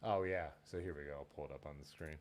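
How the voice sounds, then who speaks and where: Deep-voiced excitable live-stream host. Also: male voice, fast talker. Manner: excitable, laughs often, jumps between topics. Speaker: livestream host. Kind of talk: casual live-stream chat.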